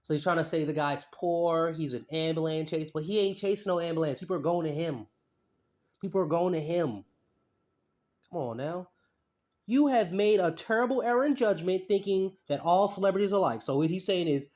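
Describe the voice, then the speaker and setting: Brief: man, high voice, skeptical commentator who repeats himself while picking apart a statement. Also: a little fast, a little mellow. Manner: repeats phrases, skeptical and mocking. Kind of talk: casual commentary reading a statement aloud.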